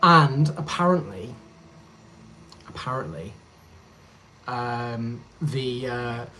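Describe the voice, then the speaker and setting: A man's voice: medium pitch, animated, extremely slow, sharp tone, slight background noise. A man in his thirties from Yorkshire, streaming a casual livestream chat where he reads comments and rambles in a friendly way while he edits. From Yorkshire, England. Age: 30s. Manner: rambling, friendly, easily distracted while editing.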